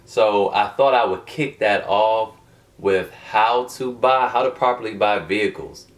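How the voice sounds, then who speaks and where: A man with a lowish voice chatting loosely to camera, wandering off into side stories and slang. He sits a bit back from the mic, so the sound is slightly distant. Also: measured pace. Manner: rambling, colloquial, digressive. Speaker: vlogger. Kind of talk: casual unscripted vlog.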